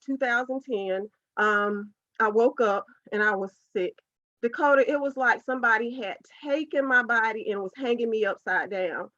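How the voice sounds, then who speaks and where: A woman from South Carolina in the United States appears as a podcast guest, sharing a heartfelt, earnest faith testimony from her own life. Her voice is fairly high and fairly bright. The lo-fi podcast audio is dull and dry, with no room sound.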